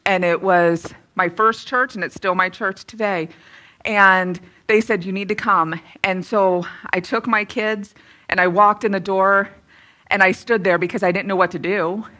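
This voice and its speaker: A woman in her thirties sharing a candid personal testimony and teaching from the Bible, lively and self-deprecating. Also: medium pitch, unhurried. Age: 30s. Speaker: speaker giving a testimony.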